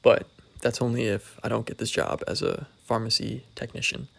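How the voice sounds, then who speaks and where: A young man talks through a loose solo podcast, wandering from thought to thought and poking fun at himself with a dry, wry edge. His mid-pitched voice carries a gravelly fry. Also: steady tone, moderate pace. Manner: rambling, self-deprecating, wry. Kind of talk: casual solo podcast monologue.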